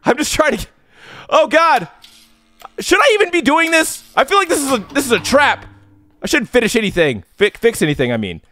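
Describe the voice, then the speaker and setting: Jittery horror gamer, male, bright lively voice that shoots up into yells. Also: very high-pitched, brisk, a little hiss or hum. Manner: yells and screams when scared; jittery, nervous joking. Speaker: let's play gamer. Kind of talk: horror game playthrough commentary.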